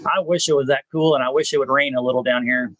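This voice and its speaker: A man's voice: medium pitch, fairly even intonation, a bit bright, no room sound, lo-fi sound. Laid-back man chatting. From South Texas. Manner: laid-back, rambling, frequent "uh" pauses. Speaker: channel host. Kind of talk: casual live chat with viewers.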